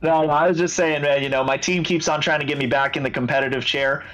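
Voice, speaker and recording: Male guest commentator, quick and earnest, faint background music. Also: a little high, fairly even intonation, fairly bright tone. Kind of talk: post-fight commentary.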